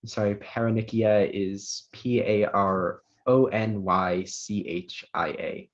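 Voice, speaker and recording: A man's voice: on the low side, steady tone. Guy reading spelling bee words over a video call, patient, bit muffled. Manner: measured, patient, with small fillers. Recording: dull lo-fi online audio.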